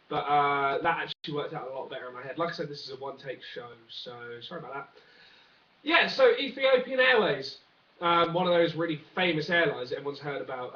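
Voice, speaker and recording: A man's voice: a little high, normal speed, fairly bright tone. Rambling young man, echoey room. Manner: rambling, jokey, many fillers and asides. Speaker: vlogger. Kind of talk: one-take comedic news rant. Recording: dull, roomy, from a distance.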